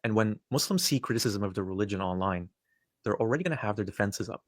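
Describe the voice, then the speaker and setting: A man delivering a measured, deliberate video monologue as a religious commentator. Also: fairly low pitch, animated, no room sound.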